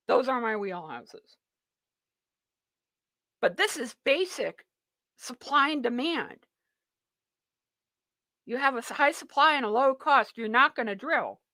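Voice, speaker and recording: A woman hosts a live political talk show with a high, bright, sharp voice. She rambles and mocks in a sarcastic tone. The sound is dry and close. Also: expressive, unhurried, long pauses, dry recording. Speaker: show host.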